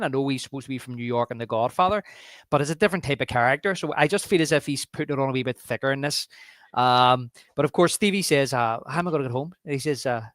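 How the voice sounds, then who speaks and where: A man from Northern Ireland with a Belfast accent, co-hosting a casual film podcast and acting out movie lines in quick impressions. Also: on the high side, a bit bright, no room sound, clean studio sound. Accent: Northern Irish (Belfast). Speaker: podcast co-host.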